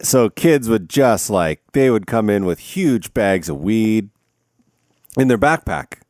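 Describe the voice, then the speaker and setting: Lively male storyteller, dry close sound. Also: lowish voice, slow, no room sound. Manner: animated storytelling, acts out dialogue, laughs often. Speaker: podcast guest. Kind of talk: casual chat.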